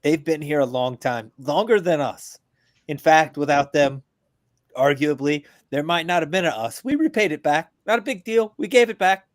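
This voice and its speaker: A veteran calling in to a podcast, talking casually in an animated, joking, profane rant. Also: male voice, a little high, normal speed, no room sound, studio quality. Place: abroad, remote from the hosts.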